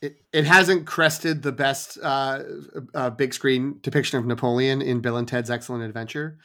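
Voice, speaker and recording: A man's voice: medium pitch, steady tone, moderate pace, a bit bright. A man co-hosting a podcast, joking in an easygoing casual chat. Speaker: podcast co-host.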